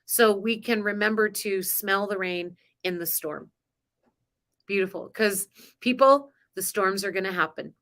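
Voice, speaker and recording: The woman's mid-range voice is fairly bright and unhurried. On her spiritual coaching live stream she chats casually and emotionally, laughing frequently, and she grew up on a farm.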